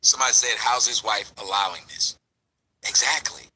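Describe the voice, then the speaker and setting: A man's voice: on the low side, moderate pace, pushed and bright, breathy edge, low-quality recording. A man ranting to his viewers in a heated, profane, mocking way, speaking straight to the audience. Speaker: commentary vlogger. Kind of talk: ranting commentary.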